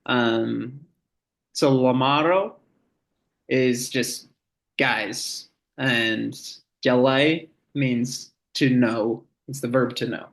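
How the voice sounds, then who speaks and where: A man's voice: mid-range voice, flat delivery, drawn-out words, vocal fry, a bit bright. A man in a casual language lesson chat, easygoing and explaining sounds with simple examples.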